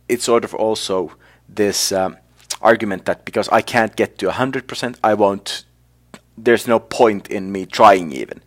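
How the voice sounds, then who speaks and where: Man, lowish voice, reflective solo talk, halting fillers. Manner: reflective, thinks aloud with fillers and restarts. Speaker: blogger.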